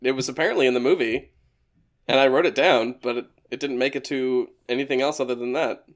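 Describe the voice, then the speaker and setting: A man's voice: mid-range voice, brisk. A man hosting a podcast, chatting casually about a movie, laughing often and restarting his sentences. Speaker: podcast host.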